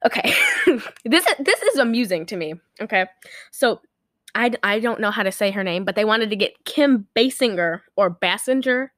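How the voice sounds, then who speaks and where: A woman's voice: medium pitch, expressive, moderate pace, fairly bright tone, no echo, studio quality. A woman hosting a podcast in casual chat, giggling often and rambling with lots of fillers. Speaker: podcast host.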